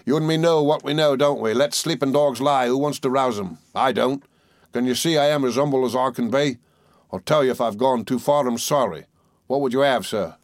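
A man putting on a scheming young clerk from a classic novel, oily and falsely humble, his talk sulky and wheedling. The voice sits higher than the reader's own narrating voice, in a dry recording with no room sound. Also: a little fast, no room sound, lightly acted. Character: fawning, sly young male clerk schemer. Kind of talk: audiobook reading.

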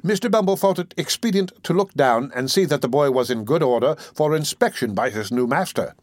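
A man reading a classic novel aloud in a measured, formal storytelling manner. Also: fairly high pitch, lively intonation, no room sound, studio quality. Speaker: narrator. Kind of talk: scripted narration of a classic novel.

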